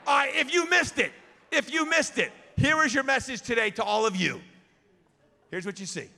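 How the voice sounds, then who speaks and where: Energetic male chapel speaker, high and bright, in a reverberant hall. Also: brisk, creaky. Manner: energetic, call-and-response with the crowd. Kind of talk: motivational chapel talk.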